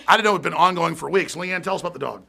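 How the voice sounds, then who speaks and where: Man, rapid, high gravelly voice, rambling studio host, laughing asides. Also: sharp tone. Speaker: show host. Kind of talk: off-the-cuff studio banter.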